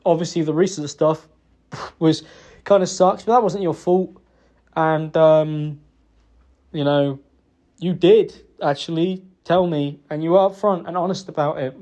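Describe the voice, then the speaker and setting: A young man giving an emotional, halting personal apology, blaming himself and sometimes close to tears. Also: high-pitched, a little mellow.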